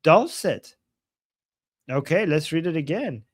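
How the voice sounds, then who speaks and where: A man hosting a casual livestream, reading viewer chat and reacting heatedly to clips, swearing freely and swinging from soft asides to loud outbursts. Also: a little high, lively intonation, slow, slightly rough, dry recording, clean studio sound. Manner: reads viewer chat aloud.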